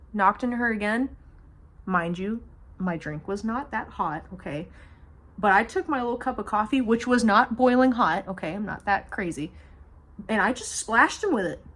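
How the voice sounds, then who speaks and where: A young woman vlogger telling a storytime monologue to her camera, swearing freely and speaking with animated emphasis. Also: fairly high pitch, moderate pace, pauses often.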